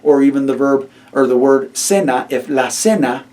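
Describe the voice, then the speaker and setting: Guy teaching spanish vocab, chatty and encouraging, mellow voice, mic a bit far off. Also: mid-range voice, moderate pace. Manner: encouraging, chatty, asks students questions. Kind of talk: recorded vocabulary lecture.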